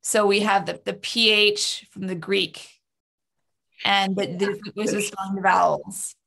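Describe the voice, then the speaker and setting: A woman's voice: medium pitch, steady tone, slow, creaky, bright, forceful tone. A woman hosting an interview, putting thoughtful questions to her guest and leading into them with "well, and". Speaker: interview host. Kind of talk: casual interview chat.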